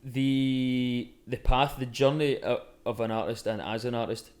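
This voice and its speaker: A young man, a musician, talks casually on a podcast. He is laid-back and sweary and pokes fun at himself. His voice sits at an ordinary pitch for a man. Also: steady tone, unhurried, a little mellow. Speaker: musician, guest.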